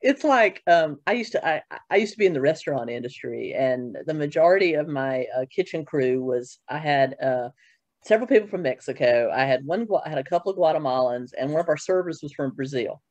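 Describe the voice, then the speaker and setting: Brief: casual interview host, mid-pitched, chatty, dry studio mic. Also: animated, brisk, a little mellow, no room sound, dull audio. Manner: chatty, storytelling, laughs often. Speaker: podcast host.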